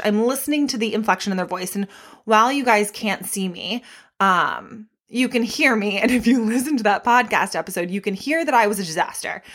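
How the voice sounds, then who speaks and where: A young pregnant woman hosting her own podcast in a casual, unedited monologue, chatty and candid with animated asides and casual swearing. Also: mid-range voice. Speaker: podcast host and fitness instructor. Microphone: podcast microphone.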